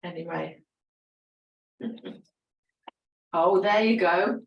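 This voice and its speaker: A woman leading a gentle exercise class, encouraging and chatty, laughing often between cues. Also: fairly low pitch, drawn-out words, far from the mic, dull audio. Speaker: fitness instructor. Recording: roomy echo, voice from away from the mic.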